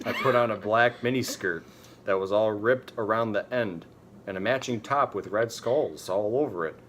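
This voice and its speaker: A man reading a fan story aloud for comedy, mostly flat, sometimes cracking up in disbelief. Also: on the low side, moderate pace, slight background noise. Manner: reads flatly, breaks into disbelief. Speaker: comedy reader.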